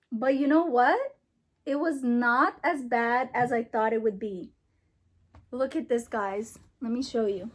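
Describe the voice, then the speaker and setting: A woman vlogging casually, talking herself through her nerves in a chatty, excitable way. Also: on the high side. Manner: nervous, chatty, self-encouraging. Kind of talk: casual vlog.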